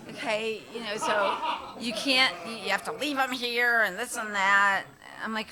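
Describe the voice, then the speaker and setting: A woman's voice: medium pitch, normal speed, background noise. A middle-aged woman, a guest at a live Q&A, telling stories casually with frequent laughter and acted-out quotes. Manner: animated, laughing often, acts out quoted voices. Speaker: guest actress at a Q&A. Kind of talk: casual storytelling on stage.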